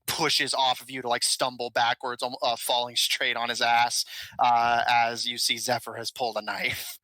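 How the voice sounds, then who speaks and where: A man's voice: medium pitch, level tone, normal speed, sharp tone, no echo. A man narrating as game master of a tabletop game, loose and casual, full of "uh" and "like" as he describes the action. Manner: loose, filler-heavy narration with frequent "uh" and "like".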